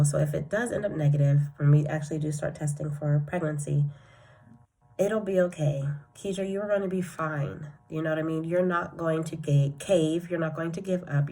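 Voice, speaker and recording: A young woman recording a personal diary vlog, rambling and reflective, softly earnest and often trailing off as she talks to herself. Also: low-pitched. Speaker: vlogger.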